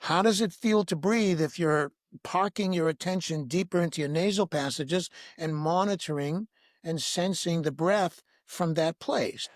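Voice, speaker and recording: A man guiding listeners through a breath-awareness meditation in a slow, soothing, instructive way, asking repeated gentle questions. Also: a little high, dry recording, clean studio sound. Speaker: breathwork teacher, podcast guest.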